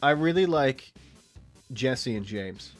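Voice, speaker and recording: A man in his late twenties gives loose, rambling gameplay commentary, swearing freely and chatting with his viewers and the animals on screen. His voice is middle-pitched but swoops up and down a lot, with faint music running behind him. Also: expressive, slow. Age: late 20s. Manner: rambling, profane, chatty with chat and game animals. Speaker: streamer.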